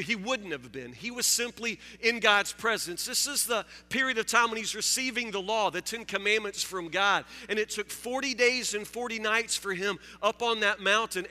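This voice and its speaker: Bright-voiced preacher in a big hall. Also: male voice, high voice. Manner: halting, repeats words, jokes with the congregation. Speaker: pastor. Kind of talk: sermon. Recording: long hall reverb.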